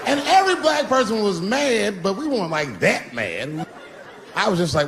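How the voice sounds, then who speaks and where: A man in his fifties doing a stand-up routine on stage, swinging from loud bursts to low mutters. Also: sing-song, normal speed. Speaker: stand-up comedian. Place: stage before a live audience. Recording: live show with loud crowd noise. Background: audience laughter.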